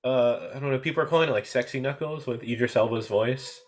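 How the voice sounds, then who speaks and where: A man's voice: mid-range voice, fast. A man hosting a podcast in casual chat, hesitant, with many "uh" and "you know" fillers. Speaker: podcast host.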